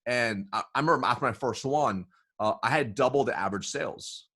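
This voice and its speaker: A man being interviewed as a sales consultant, telling stories in a lively way, often saying "right?" and acting out bits of dialogue. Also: medium pitch, fairly quick, husky. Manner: animated, says "right?" often, acts out dialogue. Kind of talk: casual interview storytelling.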